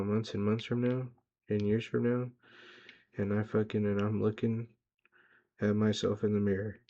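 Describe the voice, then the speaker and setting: A man's voice: fairly low pitch, mellow. A young man rambling through a casual, profane, self-hyping motivational monologue for his vlog, talking to himself in a car. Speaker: vlogger. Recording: dull lo-fi sound.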